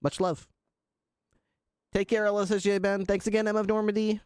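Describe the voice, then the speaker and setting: A man's voice: sits high, little pitch movement, normal speed, a little mellow, smooth, no room sound, studio quality. A man livestreaming, chatting casually with his viewers, laughing often and swearing. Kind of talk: casual chat with stream viewers.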